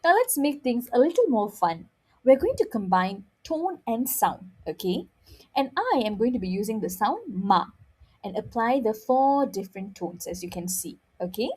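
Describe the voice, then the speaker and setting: A woman's voice: fairly high pitch, big pitch swings, normal speed, a little mellow, husky. A woman teaching a language lesson, patiently demonstrating sounds and often checking in with "okay?". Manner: demonstrates sounds by drilling syllables aloud.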